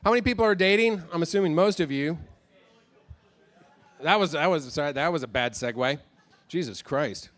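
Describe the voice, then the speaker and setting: A man works through a loose stand-up comedy set on a club stage, his voice sitting a little high. He rambles, swears freely, and mocks his own fumbled segues. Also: moderate pace, pauses often, a bit bright. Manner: rambling, self-deprecating, swears a lot.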